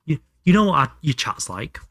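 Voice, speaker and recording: Pitched fairly high with big swings, a young Hull man talks briskly in a slightly bright tone, his Hull Yorkshire accent clear. He's a livestream gamer chatting, swearing and laughing to himself mid-game, recorded at studio quality with no room sound.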